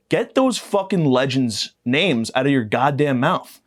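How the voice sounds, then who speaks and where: A man's voice: mid-range voice, lively intonation, normal speed. Profane ranting young man. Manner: profane, mock-aggressive, rambling. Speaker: podcast host. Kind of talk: comedic rant monologue.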